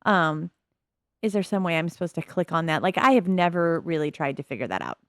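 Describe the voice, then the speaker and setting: A woman's voice: lowish voice, animated, a little fast, no room sound, clean studio sound. A woman giving casual, amused commentary on her life-sim game as a video host. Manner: chatty, amused, narrates the characters' thoughts.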